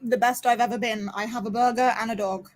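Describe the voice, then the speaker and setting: A woman makes cheeky, deadpan remarks on a live reading stream. Her voice sits a little high. The sound is dry and close. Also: fairly quick, no echo. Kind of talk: casual live-stream chat.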